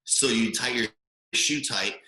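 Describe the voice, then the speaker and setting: Bright-voiced man telling a long story. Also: medium pitch, a little slow. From Hawaii. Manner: animated storyteller, many fillers and tag questions. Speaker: podcast guest, former quarterback. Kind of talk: storytelling in a casual interview. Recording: roomy echo.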